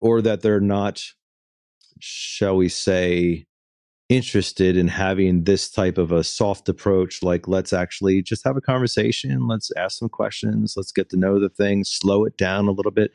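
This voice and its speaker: A man's voice: low voice, steady tone, unhurried, creaky, a little mellow, no room sound, studio quality. A man hosting an interview podcast, explaining ideas at length and asking long questions. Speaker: podcast host.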